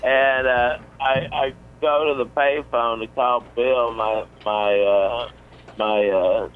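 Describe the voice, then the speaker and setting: A man's voice: medium pitch, fairly even intonation, slow, narrow, tinny audio. A man in his forties, a comedian, telling a rambling story on a radio show, full of fillers and restarts. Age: 40s. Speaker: comedian guest.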